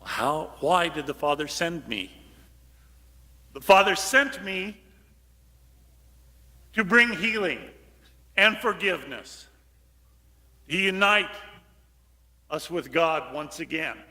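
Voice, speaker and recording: A man preaching a lively homily as a priest, switching to hushed voices for quotes and sometimes calling out loud. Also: fairly high pitch, takes it slowly, pauses often, in a large hall. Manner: animated, acts out quotes in hushed voices, sudden shout. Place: large church.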